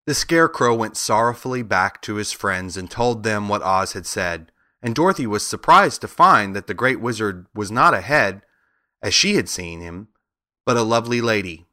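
Low, bright-toned male storyteller. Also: normal speed, dry recording, studio quality. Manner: steady, even storytelling. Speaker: narrator. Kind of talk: storybook audiobook narration.

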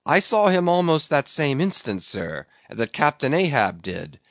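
A man voicing an eager, proud harpooneer, a bit higher than his own voice. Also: very animated, unhurried, dry recording, highs cut off.

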